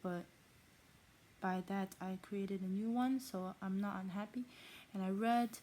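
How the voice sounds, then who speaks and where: Woman vlogger, casual and rambling, apologetic, mellow low-bright tone. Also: fairly even intonation, unhurried, slight background noise, poor audio. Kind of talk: casual chat to camera.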